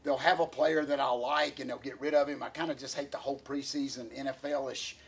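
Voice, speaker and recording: A podcast co-host rambles through a casual chat, full of fillers and restarts, and laughs often. His medium-pitched voice is steady, brisk, and husky, with vocal fry.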